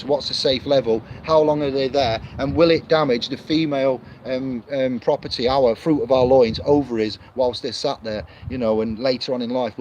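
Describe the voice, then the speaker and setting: A man's voice: medium pitch, a little mellow. A man rambling casually to camera, reviewing a book, with lots of fillers and restarts. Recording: muffled lo-fi audio with clear street noise.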